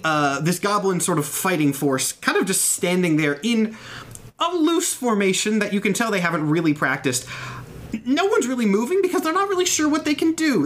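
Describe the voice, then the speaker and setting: A man's voice: high-pitched, fairly bright tone. A man narrating as game master for a tabletop game, rambling and laughing as he describes scenes. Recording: faint background noise.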